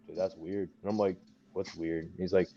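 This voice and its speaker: Animated young man telling wrestling stories. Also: fairly quick. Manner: animated, laughing often, acts out other people's lines in a high voice. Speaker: professional wrestler guest. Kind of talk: casual storytelling. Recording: dull lo-fi podcast audio.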